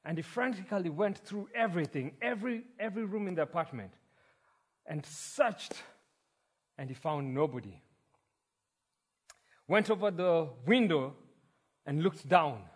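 A man pastor preaching a sermon, opening with a quiet prayer and then telling a joke story in an earnest manner. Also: sits high, expressive, unhurried, long pauses, breathy edge. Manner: earnest, storytelling, some restarts.

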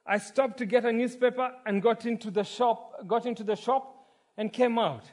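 A preacher putting on a baffled, high-pitched man. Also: steady tone, moderate pace, darkish tone. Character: bewildered ordinary man, killed unawares.

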